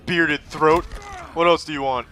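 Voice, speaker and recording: A man's voice: a little high, steady tone, measured pace, sharp tone, slight background noise. A man giving crude, sarcastic gameplay commentary and talking trash to the enemies in the game. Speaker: gaming commentator.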